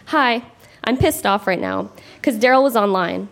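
A woman's voice: mid-range voice, lively intonation, moderate pace, a bit bright. A young woman from Canada reading her childhood diary aloud on a live stage, amused and breaking into laughter between entries. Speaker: reader on stage. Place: live stage before an audience.

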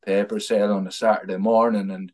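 A low-voiced Irish man talks as an interview guest. He tells stories in an easy, rambling way, stumbling and repeating words as he goes, and laughs now and then at his own anecdotes. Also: flat delivery, quick pace, a little mellow. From Ireland. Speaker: guest, political activist. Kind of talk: casual conversational storytelling.

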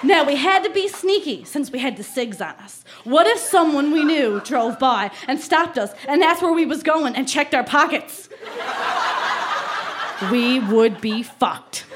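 A woman with a Newfoundland accent reading her childhood diary aloud on stage, laughing through her lively delivery. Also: sits high. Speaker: reader at a live storytelling show. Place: live venue stage.

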